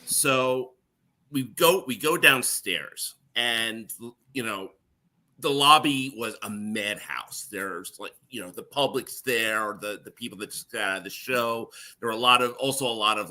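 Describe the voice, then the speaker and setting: A middle-aged man tells his stories in a casual, animated way and often laughs along. His voice sits low but sounds very bright and forceful. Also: measured pace. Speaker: guest, former NBC page. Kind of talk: casual storytelling.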